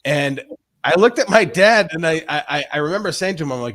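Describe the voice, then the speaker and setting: A man in his forties chats loosely on a livestream, circling back and restarting his sentences as he goes. His pitch sits a little on the high side, and he swears casually. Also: lively intonation, fairly quick, a bit bright. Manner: rambling, restarts often, swears freely. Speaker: stream host.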